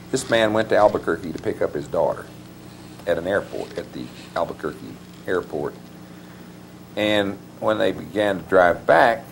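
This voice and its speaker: A man with a very deep, gravelly voice gives long, winding interview answers. He pauses often to restart his sentences. Faint hiss sits under the recording. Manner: meandering, with many uh fillers and restarts. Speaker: author and interview guest. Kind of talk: rambling conversational interview answers.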